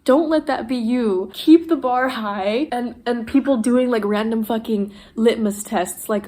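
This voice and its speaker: A woman's voice: on the high side, a little slow, hardly any pauses, mellow. A young woman talking candidly and emotionally to her camera in a casual vlog, swearing freely as she sits on the floor at home. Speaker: vlogger.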